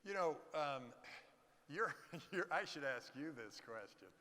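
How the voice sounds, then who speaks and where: A man, a venture capitalist, telling animated stories in an onstage fireside chat and acting out the quotes. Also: on the high side, unhurried. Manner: animated anecdotes with acted-out quotes. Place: conference stage. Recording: reverberant hall.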